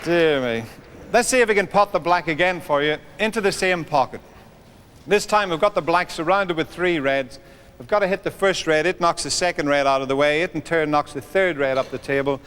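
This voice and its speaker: A man's voice: on the high side, fairly quick, fairly bright tone, smooth, some chatter behind, rough recording. A man with an Irish accent telling jokes and chatting with a live audience between trick shots. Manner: chatty, joking, teasing the audience. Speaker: comedian and snooker entertainer.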